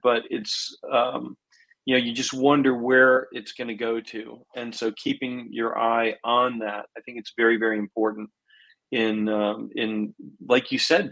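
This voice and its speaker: A man's voice: medium pitch, a bit bright, rough recording. A man co-hosting a coaching podcast in casual chat, rambling with lots of "um" and "you know". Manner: rambling, many fillers and restarts. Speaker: swim coach, podcast co-host.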